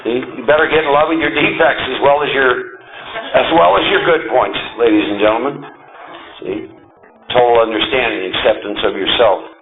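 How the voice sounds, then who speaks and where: A man giving a talk to a recovery group, emphatic and animated, often checking in with the audience. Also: mid-range voice, a little fast, phone-quality sound, music in the background. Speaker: recovery meeting speaker.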